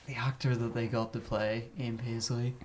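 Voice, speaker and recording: A man chatting casually at home, relaxed and hesitant with frequent fillers. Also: medium pitch, normal speed, a little hiss or hum. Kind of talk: casual chat. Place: a home flat.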